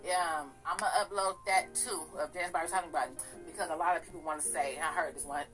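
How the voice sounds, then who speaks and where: Brief: female gossip host, bright, a little raspy, sassy and profane, faint music behind. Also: low-pitched, fairly even intonation, fast talker, low-quality recording. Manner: sassy, blunt, profane ranting. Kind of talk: casual commentary.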